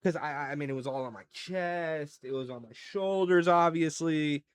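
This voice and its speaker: A young man with a slightly high voice holds a casual solo podcast at home. He rambles through crude, profane anecdotes. His loudness jumps from low mumbling to sudden excited outbursts. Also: normal speed, clear, resonant tone. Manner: crude, profane storytelling with animated swings in loudness. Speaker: podcast host.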